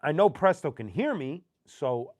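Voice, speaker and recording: A man hosting a show, casually telling a profane, animated anecdote full of slang. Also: a little high, a little slow, no room sound, clean studio sound. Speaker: host. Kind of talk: casual storytelling.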